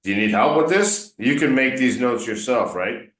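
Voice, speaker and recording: A man's voice: medium pitch, lively intonation, normal speed, fairly bright tone. A man coaching English one on one, patiently explaining words and drilling pronunciation by repeating them. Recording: roomy echo.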